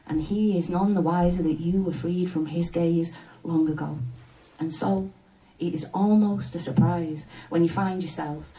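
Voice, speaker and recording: Mancunian woman doing spoken word at a live gig, dark low voice, sounds a bit far off. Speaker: poet. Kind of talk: spoken word poetry performance. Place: live music studio venue. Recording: distant live room sound.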